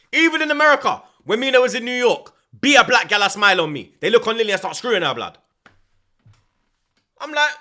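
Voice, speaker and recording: Male streamer, animated casual storyteller, bright tone pitched a little high. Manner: animated, swears often, heavy slang. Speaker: livestream host.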